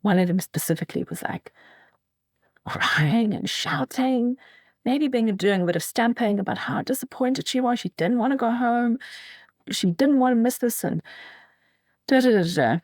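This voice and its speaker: A woman hosting a solo podcast, talking in a candid, thoughtful way with frequent pauses and self-corrections. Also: fairly high pitch, lively intonation, a little mellow, no room sound, studio quality. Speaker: podcast host. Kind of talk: reflective solo podcast monologue.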